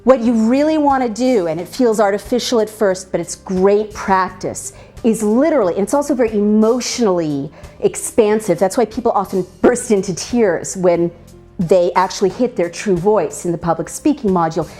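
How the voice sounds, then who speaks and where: A woman's voice: mid-range voice, normal speed, warm tone, faint music behind. A woman teaching public speaking to a live audience, emphatic and demonstrating vocal habits by acting them out. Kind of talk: instructional talk to an audience.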